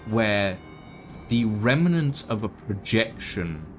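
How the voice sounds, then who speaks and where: A man narrating a tabletop game as game master, in slow, hesitant description with many fillers. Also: on the low side, sing-song, a bit bright, faint music behind.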